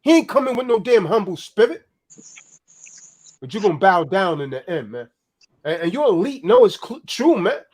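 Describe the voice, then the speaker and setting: A man's voice: high voice, big pitch swings, normal speed, pauses often, a little mellow. A man delivering a heated, profane political rant in a preaching manner, tagging "man" onto his lines.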